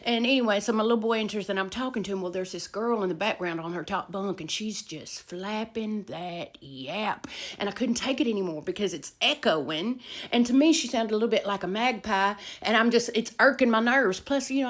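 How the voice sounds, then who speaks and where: A middle-aged woman telling a casual storytime, animated, with loud emphasis and hushed asides. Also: mid-range voice, fairly quick.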